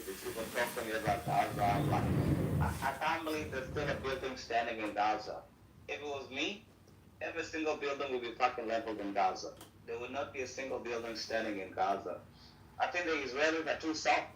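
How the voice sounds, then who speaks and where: A man's voice: mid-range voice, a little fast, fairly bright tone. A man talking casually in a blunt, heated, profane manner. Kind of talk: casual talk. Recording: echoey, distant mic, faint noise.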